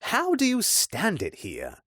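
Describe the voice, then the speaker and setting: A man's voice: high-pitched, wildly swooping pitch, slow, a bit bright, husky, no echo, clean studio sound, pitched above the performer's own voice, heavily acted. A man voicing a determined young templar who asks intent, earnest questions.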